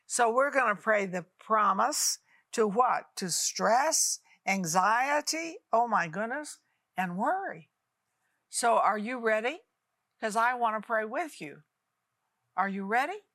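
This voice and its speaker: A woman in her eighties, a TV minister, teaching and praying with fervent, exhorting delivery and sudden rises in pitch. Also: animated, takes it slowly, a bit bright, no room sound, studio quality. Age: 80s. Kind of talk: televised ministry teaching and prayer.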